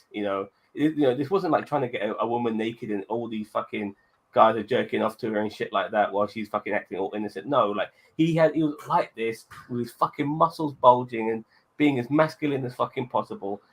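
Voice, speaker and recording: A man's voice: medium pitch, a bit bright. A man co-hosting a casual movie review chat, blunt and emphatic, swearing heavily. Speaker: podcast co-host.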